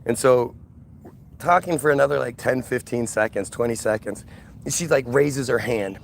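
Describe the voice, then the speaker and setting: A man's voice: mid-range voice, normal speed, vocal fry, slight background noise. A man talking in a heated, casual monologue, mocking and contemptuous as he rants. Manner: ranting, repetitive restarts.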